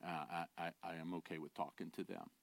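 A pastor preaching a sermon, earnest and direct, shifting from quiet, low asides to loud, emphatic declarations and rhetorical questions. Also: male voice, flat delivery, fast talker, vocal fry, no room sound. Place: church.

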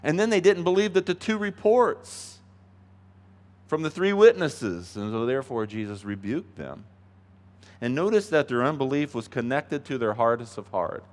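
Man, pastor, mid pitch, emphatic sermon delivery with quiet asides, long church reverb. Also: normal speed. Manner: earnest, emphatic, swings between soft asides and loud stresses.

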